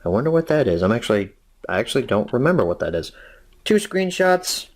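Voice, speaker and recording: A man hosts a review vlog in a casual, opinionated, chatty way, poking fun at himself. His pitch moves around a lot, and the recording sounds dry and close. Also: big pitch swings, brisk, no room sound. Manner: chatty, opinionated, self-deprecating. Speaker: host of a home media review show.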